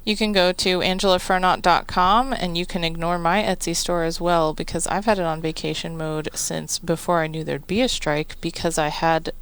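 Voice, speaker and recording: A woman co-hosting a casual podcast, her voice rather low and smooth. She speaks bluntly and teases the others. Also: steady tone, normal speed, few pauses, a bit bright. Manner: blunt, teasing, outspoken. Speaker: podcast co-host. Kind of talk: casual chat.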